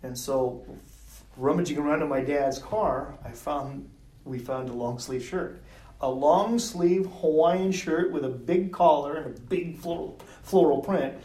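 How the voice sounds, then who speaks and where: Middle-aged guy telling a story, acts out voices, laughs a lot, kinda high voice, echoey and off mic. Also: a little slow, distant mic. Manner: animated storyteller, acts out quotes, laughs often. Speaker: guest. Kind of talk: storytelling in a podcast interview. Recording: roomy sound from off mic.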